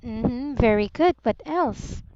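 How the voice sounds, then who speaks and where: Slow, patient Filipino woman tutor. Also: a little high, expressive. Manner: slow, patient, encouraging, repeats "very good". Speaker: English tutor. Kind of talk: one-on-one online lesson. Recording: slightly muffled lo-fi audio with faint noise.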